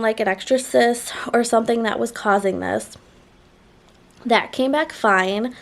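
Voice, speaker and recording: A woman talks in a relaxed, rambling vlog chat, peppering her sentences with "like". Her voice sits a touch high and sounds a little nasal, as she is still getting over a sore throat. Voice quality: slightly nasal. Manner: rambling, frequent "like" fillers. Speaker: vlogger. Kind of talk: casual chat to camera.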